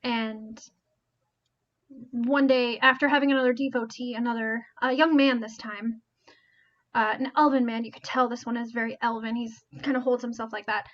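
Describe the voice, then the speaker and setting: A woman's voice: fairly high pitch, fairly even intonation, normal speed. A woman narrating a tabletop game as game master, in a chatty, rambling way. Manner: rambling, chatty, self-correcting. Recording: dull lo-fi stream audio.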